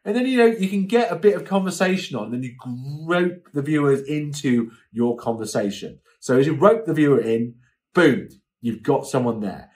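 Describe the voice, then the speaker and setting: A young British man giving a chatty, casual lesson as a live-selling coach, often acting out voices as he explains. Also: medium pitch. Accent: British English. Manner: chatty, animated, acts out quoted voices. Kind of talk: casual instructional talk.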